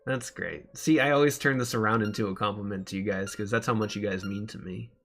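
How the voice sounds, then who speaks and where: A man's voice: fairly low pitch, steady tone, brisk, vocal fry, a bit bright, a little hiss or hum. A young man streaming a game, rambling in casual chat and laughing often.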